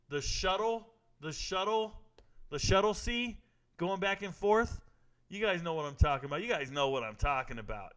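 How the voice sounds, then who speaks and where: A man talks casually over a live fight broadcast. His voice sits a little high for a man, and he jokes as he goes. He repeats his lines for effect and speaks straight to his chat. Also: fairly bright tone. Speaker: streamer reacting to live fights. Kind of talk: casual live-stream commentary.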